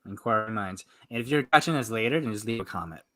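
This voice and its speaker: A man co-hosting a casual podcast, laughing often and reacting quickly. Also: on the low side, animated, a bit bright. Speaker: podcast co-host. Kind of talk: casual streamed podcast chat.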